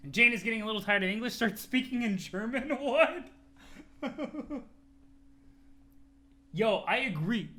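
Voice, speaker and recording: A man casually reacting to a webcomic on a live stream, excitable and quick to laugh. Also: high-pitched.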